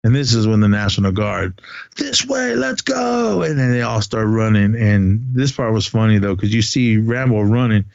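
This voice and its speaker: A man's voice: fairly low pitch, fairly even intonation, moderate pace, few pauses, a little mellow, clean tone, no echo. Guy rambling through a movie recap, lots of uh and like, kinda muffled dry audio. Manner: rambling, with frequent fillers and swearing. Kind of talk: casual movie recap chat.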